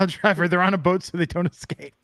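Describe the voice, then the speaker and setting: A man's voice: sits high, fairly even intonation, fairly quick, fairly bright tone, no echo. A man co-hosting a podcast in casual banter, tossing in dry, playful asides. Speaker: podcast co-host.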